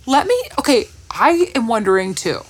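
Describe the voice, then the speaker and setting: A woman co-hosting a casual podcast chat about a TV series, talking in animated bursts. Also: on the high side, moderate pace.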